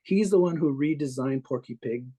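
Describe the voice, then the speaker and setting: A man's voice: fairly high pitch, moderate pace, warm tone. A man being interviewed as a guest artist, telling long, rambling anecdotes full of restarts and little chuckles. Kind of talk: casual interview storytelling.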